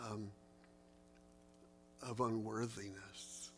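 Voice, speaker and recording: A man's voice: mid-range voice, unhurried, faint music behind. A man, a pastor teaching a Bible study in an earnest, conversational way, his voice leaping up for emphasis. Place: church.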